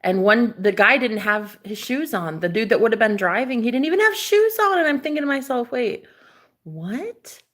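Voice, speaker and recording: A young woman vlogger telling a story in a casual, animated way, swearing freely and acting out what people said. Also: fairly high pitch, fairly quick, hardly any pauses.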